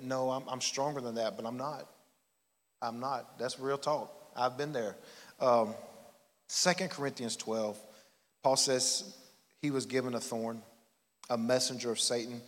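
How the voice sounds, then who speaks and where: A man's voice: mid-range voice, a bit bright. A man, preaching a sermon in a folksy, self-deprecating storytelling way. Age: 40s. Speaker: pastor. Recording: long hall reverb in church.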